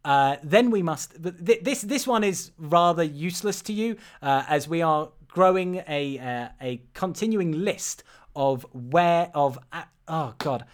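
Animated, stumbling podcast host, a man. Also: on the high side, measured pace. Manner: animated, stumbling, swears often. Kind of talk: casual film podcast chat.

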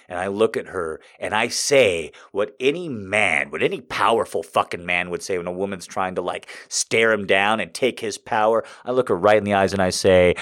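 A man's voice: sits low, normal speed, hardly any pauses, a bit bright. A man doing stand-up, telling a story with profanity and exasperation and acting out the people in it. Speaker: stand-up comedian.

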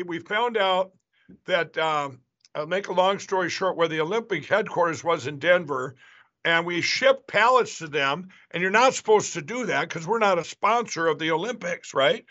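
A show host with a high-pitched, fairly bright voice tells a long story casually and ramblingly, full of restarts and asides. The recording has a dull, lo-fi sound.

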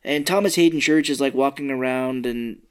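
A man chatting casually as a podcast co-host, walking through a film scene by scene. He slips into quick voices for the characters as he retells the plot, in a relaxed, conversational way at a middle pitch. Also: clear, resonant tone. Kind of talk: casual movie recap chat.

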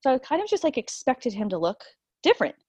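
A woman guest telling a personal story in conversation, animated and full of fillers, acting out the quotes. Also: sits high, quick pace, dry recording. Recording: dull, lo-fi, dry.

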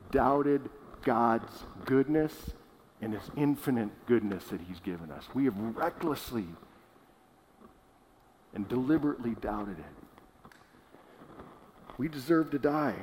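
A man preaching a sermon as pastor, earnest and emphatic, slowing down to stress key words and sometimes restarting a phrase. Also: mid-range voice, slight background noise. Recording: long reverb of a large hall.

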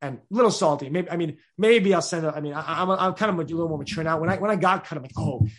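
A young man talks very fast, piling up restarts as he rambles through his answers. His voice sits a little high and carries constant energy. The talk is a casual, open interview. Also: a bit bright. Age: 20s. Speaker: podcast host being interviewed.

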